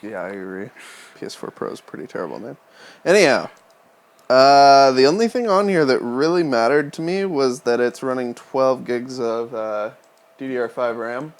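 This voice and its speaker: A man co-hosting a casual gaming stream, chatting in a relaxed way and laughing often. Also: mid-range voice, normal speed. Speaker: co-host.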